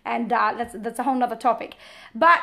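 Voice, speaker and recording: A woman, talking casually as a parenting coach, lively and repeating herself as she explains. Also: fairly high pitch, a little fast, gravelly. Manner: lively, repeats words and restarts, laughs often. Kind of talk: casual talk to camera.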